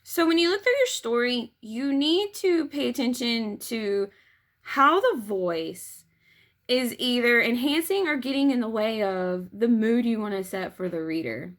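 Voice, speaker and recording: A woman's voice: a little high, lively intonation, measured pace. A woman giving writing and editing advice in a chatty, opinionated way, with many fillers. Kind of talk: casual video lesson.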